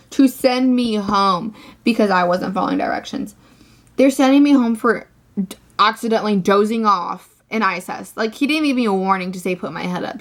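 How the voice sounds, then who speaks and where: A teenage girl vlogger telling a storytime rant, swearing often and saying "like" constantly. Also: medium pitch. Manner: ranting, profane, filler-heavy.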